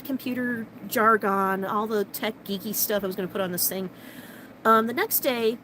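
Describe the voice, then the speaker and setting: A woman vlogger telling a personal story to camera, animated and sarcastic, with fast bursts of talk. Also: fairly high pitch, slight background noise, rough recording.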